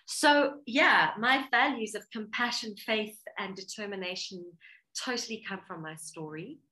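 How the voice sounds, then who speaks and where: A woman's voice: mid-range voice, measured pace, sharp tone, rough recording. A woman from South Africa with a South African accent, earnestly telling her life story as an interview guest. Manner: earnest, heartfelt, talks through emotion.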